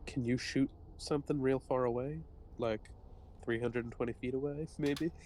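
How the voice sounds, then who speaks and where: A man playing his character at a tabletop game, chatty and loose, full of fillers and quick laughs. His voice sits at an ordinary pitch over a faint hiss of noise. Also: steady tone, a little mellow. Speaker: player. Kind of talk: casual tabletop play.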